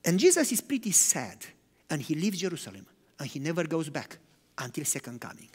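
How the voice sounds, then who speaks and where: A man preaching a sermon, animated, swinging between loud emphatic lines and hushed, quiet ones. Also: a little high, brisk, husky. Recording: long hall reverb.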